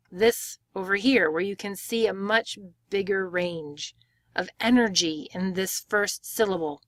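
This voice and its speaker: Clear woman teaching pronunciation. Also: medium pitch, a bit bright, no room sound, clean studio sound. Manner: clear, step-by-step explaining with demonstrated words. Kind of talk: screen-share tutorial.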